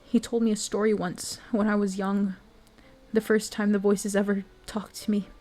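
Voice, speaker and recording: A woman voicing a weak, dying young man in a storybook reading, pleading softly. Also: mid-range voice, flat delivery, normal speed, soft background music, natural voice. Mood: wistful.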